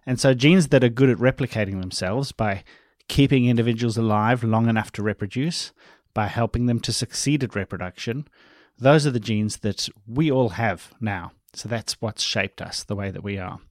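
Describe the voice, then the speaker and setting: A man being interviewed as an evolutionary biologist, explaining his field in a steady, expansive way. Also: medium pitch, normal speed, no echo, clean studio sound.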